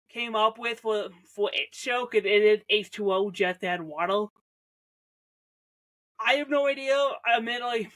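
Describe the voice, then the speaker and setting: A woman's voice: on the high side, a bit bright. A young woman reviewing an old teen show, chatty and rambling, restarting sentences and cracking jokes. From Canada. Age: young adult. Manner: chatty, self-interrupting, heavy on "like", jokey asides.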